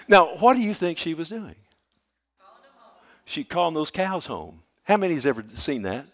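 An older man, preaching a sermon in a folksy storytelling way that swings from hushed to loud. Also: a little high, sing-song, moderate pace, long pauses. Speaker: pastor.

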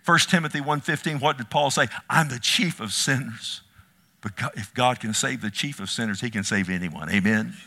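An impassioned male preacher with a bright, forceful tone. He surges into loud, pleading climaxes, then falls back to soft, intimate asides. He speaks to his hearers tenderly as "loved one.". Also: medium pitch, moderate pace. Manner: impassioned, rising to near shouts then dropping to hushed asides; addresses listeners as "loved one". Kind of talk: sermon.

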